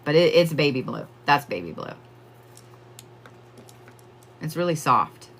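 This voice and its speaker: A woman's voice: deep voice, sing-song, unhurried, a little hiss or hum. A woman giving casual psychic readings on a livestream, chatting with viewers and laughing often.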